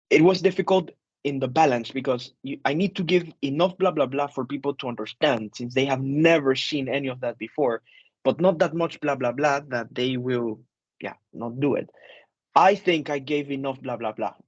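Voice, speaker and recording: A man's voice: medium pitch, dry recording, highs cut off. A man, an instructor, leading a casual group discussion over a video call, chatty, with fillers and repeated phrases.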